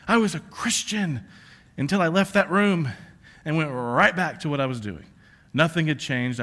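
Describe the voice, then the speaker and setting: A man preaching a sermon with a bright, forceful voice pitched a little high. He talks conversationally, then bursts into loud, impassioned cries and sinks to hushed whispers. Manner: swings from shouting to hushed whispers; self-confessed yeller, passionate and conversational. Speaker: pastor.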